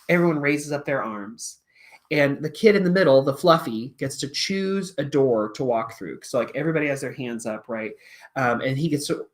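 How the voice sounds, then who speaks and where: A woman teacher with a low voice walks through a classroom puppet game. She talks in a chatty way, full of fillers, and her pitch swings widely. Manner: chatty, with many fillers, and an animated voice. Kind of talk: explaining a classroom puppet lesson.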